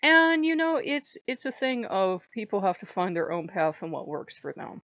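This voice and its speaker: A woman's voice: mid-range voice, big pitch swings, moderate pace, fairly bright tone, no room sound. A woman chatting casually to camera in a rambling way, laughing often and speaking frankly with some swearing. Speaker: vlogger. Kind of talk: casual chat. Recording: dull lo-fi recording.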